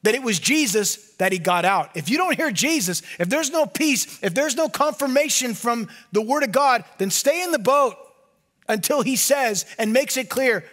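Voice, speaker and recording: Animated preaching man, lively pitch. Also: normal speed. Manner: animated preaching, often dropping to a hushed low voice. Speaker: pastor. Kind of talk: sermon.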